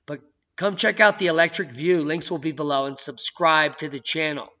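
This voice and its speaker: A man hosting his own video channel, talking in an excitable, jokey way that swings from loud outbursts to hushed asides. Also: on the high side, normal speed. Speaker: channel host. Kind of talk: casual video commentary. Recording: dull lo-fi sound.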